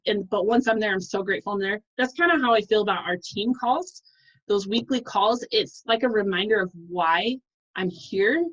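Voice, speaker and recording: Woman, 30s, team leader on a lo-fi call; fast, effusive, self-interrupting. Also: medium pitch, a bit bright. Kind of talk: casual motivational team call.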